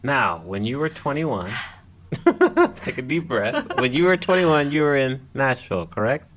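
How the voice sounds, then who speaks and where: A woman hosting an interview podcast, gently asking the guest reflective questions. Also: a bass voice, lively intonation, a little slow, a little hiss or hum. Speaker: podcast host.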